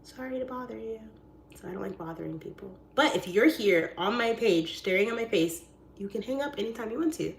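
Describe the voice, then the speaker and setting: A woman's voice: mid-range voice, expressive, fairly quick, vocal fry, slight background noise. A woman realtor chatting casually on a live stream, goofy and rambling in a silly, friendly way. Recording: roomy echoey sound.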